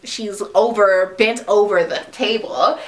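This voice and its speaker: A woman's voice: medium pitch, fairly even intonation, takes it slowly. A young adult woman giving a casual, chatty movie review with lots of fillers. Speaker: vlogger.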